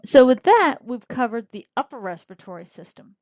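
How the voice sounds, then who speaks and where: A woman teaching a recorded lecture, explaining slowly and spelling out terms as she points. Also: on the high side, sing-song, no echo. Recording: dull lo-fi dry recording.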